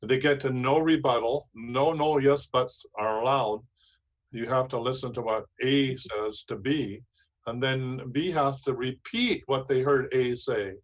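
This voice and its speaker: Male host, emphatic and preachy, mid-pitched, repeats himself for effect. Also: a little slow, poor audio. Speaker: show host. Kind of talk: casual advice talk.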